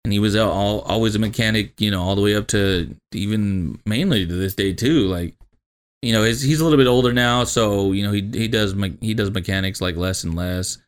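A man's voice: on the low side, a little fast, clean tone. A man co-hosting a casual podcast, rambling loosely with frequent laughter and swearing. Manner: laid-back, rambling, laughs often, swears. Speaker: podcast co-host.

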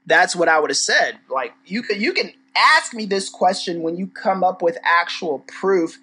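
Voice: medium pitch, animated, moderate pace, sharp tone, breathy edge, poor audio. A podcast host giving a casual commentary rant, blunt and profane, with sarcastic asides and frequent restarts. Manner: rambling with restarts.

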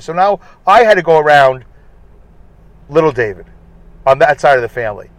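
A man's voice: on the high side, very animated, moderate pace, pauses often, no echo, low-quality recording. A middle-aged man hosting a casual solo podcast, ranting and complaining irritably from his truck cab. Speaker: podcast host.

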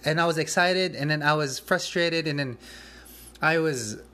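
A man's voice: fairly high pitch, normal speed, sharp tone. A man who manages a restaurant kitchen tells a work mishap in a casual podcast. He rambles, restarts his sentences and laughs nervously, still shaken and anxious. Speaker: restaurant back of house manager.

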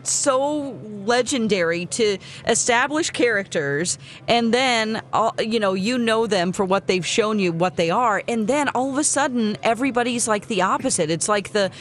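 A woman's voice: fairly high pitch, moderate pace, few pauses, a little hiss or hum. Enthusiastic woman chatting on radio. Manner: enthusiastic, thinking out loud. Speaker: radio show regular. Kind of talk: casual radio chat.

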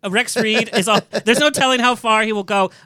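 A man's voice: high-pitched, fairly quick, bright, forceful tone, dry recording, clean studio sound. A man co-hosting a talk show, joking in a campy, giggly, catty way. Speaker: co-host.

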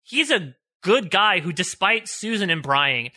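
A man's voice: high voice, very animated, a little slow, bright, forceful tone. A man co-hosting a podcast, choked up and tearful, talking through a TV scene in an emotional, searching way. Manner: emotional, searching, restarts phrases. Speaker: podcast co-host. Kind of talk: casual discussion of a TV show.

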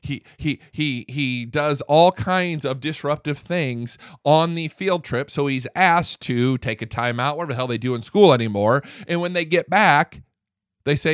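A man's voice: fairly high pitch, normal speed, a bit bright, smooth, no echo, clean studio sound. A man hosting a political commentary show, ranting emphatically and repeating his points for effect. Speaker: host.

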